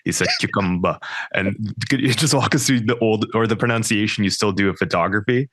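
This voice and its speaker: A man's voice: fairly low pitch, fast, a bit bright, a little hiss or hum. A man co-hosting a podcast, giving a rambling setup before he asks the guest a question. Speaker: podcast co-host. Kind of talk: conversational interview.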